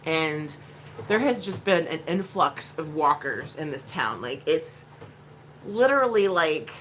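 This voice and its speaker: Blunt, animated woman telling a story. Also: sits low, a little slow, a little hiss or hum. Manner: rambling, swears often, blunt and animated. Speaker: vlogger, mother. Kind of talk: casual storytelling vlog.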